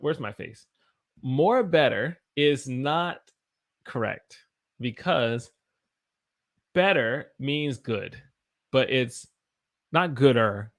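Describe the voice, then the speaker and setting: An American man teaching English on a live stream, repeating words slowly for learners and answering questions from the chat. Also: mid-range voice. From United States. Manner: slow, drawn-out spelling and repetition of words for learners.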